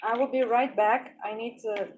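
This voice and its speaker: A woman's voice: fairly high pitch, steady tone, moderate pace, darkish tone, slight background noise, poor audio. A woman vlogging at home, chatting casually and cooing affectionately to her cat while she works. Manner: cooing, affectionate pet talk.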